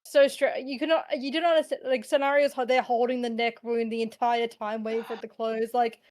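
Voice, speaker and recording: A woman's voice: on the high side, fairly quick, no room sound. A woman player at a tabletop game, talking in tumbling, cut-off phrases. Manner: excited, tumbling, cut-off words. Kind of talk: casual chat at a tabletop game.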